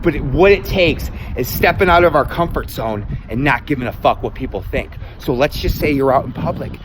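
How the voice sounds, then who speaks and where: A man's voice: mid-range voice, expressive, a little fast, noisy background. A man delivering a profane motivational rant, blunt and emphatic, swearing constantly. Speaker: self-help vlogger.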